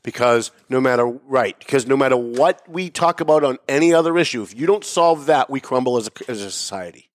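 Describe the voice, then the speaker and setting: A male host talks quickly and bluntly, pressing his guest with challenging questions and throwing in jokes. His voice sits at an ordinary pitch and is recorded dry and close. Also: no echo. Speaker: talk show host. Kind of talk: casual interview.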